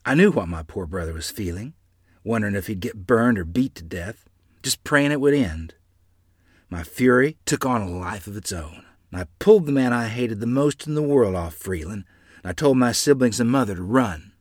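A man narrating a memoir in the first person with a dramatic, expressive delivery. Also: lowish voice, moderate pace, husky, no room sound, clean studio sound.

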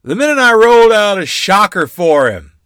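A gruff old great-uncle with a booming, hooting voice, loud and drawn out, as a storyteller puts him on. He calls out slowly and forcefully, close and dry. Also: big pitch swings, dry recording.

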